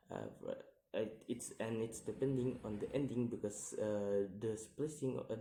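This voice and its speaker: A man explaining a pronunciation lesson hesitantly, with many fillers, slowly repeating each example word. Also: fairly low pitch, dark tone, a little hiss or hum. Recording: echoey room.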